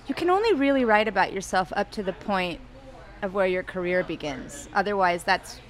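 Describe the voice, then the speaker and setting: A woman's voice: medium pitch, lively intonation, normal speed. A young adult woman author in an interview, talking in a rambling, hesitant way full of fillers and restarts. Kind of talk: conversational interview.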